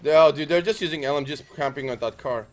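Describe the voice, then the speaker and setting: A man chatting casually while playing a shooter game, excitable and prone to yelps and cheers. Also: a little high, quick pace. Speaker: gamer.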